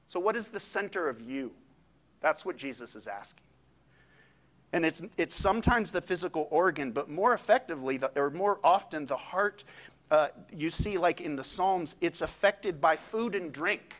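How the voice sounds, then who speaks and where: A man preaching a sermon with a slightly high voice. He talks conversationally, tossing in quick asides. His pitch leaps and dips as he preaches. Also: animated, a bit bright. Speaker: pastor.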